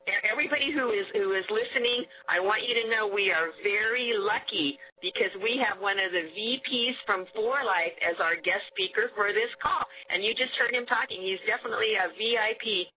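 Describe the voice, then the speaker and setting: A woman's voice: medium pitch, brisk, hardly any pauses, pushed and bright. A woman hosting a recorded conference call over the phone, chatty and enthusiastic, often restarting her sentences. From Oregon, USA. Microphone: telephone. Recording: phone line with faint noise.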